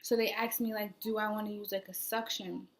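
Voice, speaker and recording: A young woman telling her own story in a casual vlog, rambling with lots of "like" fillers and sometimes dropping to a soft near-whisper. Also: mid-range voice, flat delivery, a little fast. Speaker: new mother vlogger.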